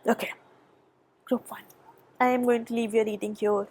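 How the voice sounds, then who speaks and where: Slightly husky woman reading tarot. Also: a little high, level tone, moderate pace. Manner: chatty, thinking aloud, soft murmured asides. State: nasal from a cold. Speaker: tarot reader. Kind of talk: pick-a-pile tarot reading. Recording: background noise.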